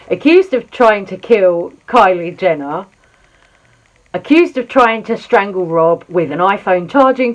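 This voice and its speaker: A woman vlogger chatting casually about drama while doing her makeup, exclaiming and repeating words for emphasis. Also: medium pitch. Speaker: commentary vlogger.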